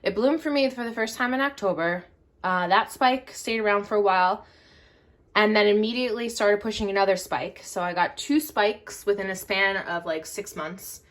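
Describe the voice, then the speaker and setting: A woman with a fading, throat-clearing voice giving a rambling, casual vlog tour of her indoor grow room, with many fillers. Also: medium pitch, moderate pace, fairly bright tone. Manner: chatty and rambling, with many fillers and self-corrections. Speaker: orchid grower and vlogger. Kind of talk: casual show-and-tell vlog. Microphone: handheld camera moved around the room.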